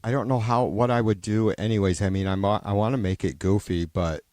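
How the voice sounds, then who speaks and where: Streamer, male, low and dry, profane rambling chat, unscripted. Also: fairly even intonation, fairly quick, a little mellow, dry recording. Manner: rambling and profane, with many restarts and trailing-off sentences. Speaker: livestream host.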